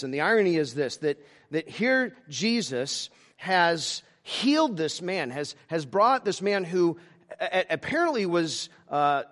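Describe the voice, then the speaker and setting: Man, pastor, sermon, slightly high voice, halting restarts, swings from loud to hushed.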